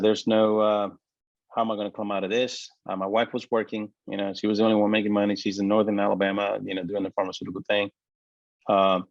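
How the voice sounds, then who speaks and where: A man telling his personal story in an interview, with emotional, halting delivery and many fillers. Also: fairly low pitch, gravelly, no echo, muffled recording. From United States. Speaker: interview guest, business owner.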